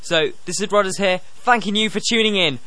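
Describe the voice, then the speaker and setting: A playful young man hosting a home podcast, his voice a bit higher than most. He talks breezily into a dry, close mic. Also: fairly quick, pushed and bright, no room sound. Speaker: podcast host. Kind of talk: casual podcast chat.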